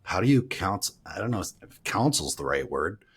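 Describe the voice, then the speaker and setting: Deep husky male podcast host. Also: big pitch swings, normal speed. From United States. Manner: curious, rambling questions with restarts. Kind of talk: casual interview questions.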